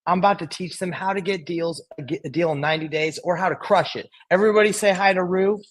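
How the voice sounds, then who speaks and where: A man's voice: sits high, quick pace. Upbeat man hosting a live lesson. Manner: energetic, hype-style, chatty with viewers. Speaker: real estate wholesaling coach. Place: converted cold workshop on a farm.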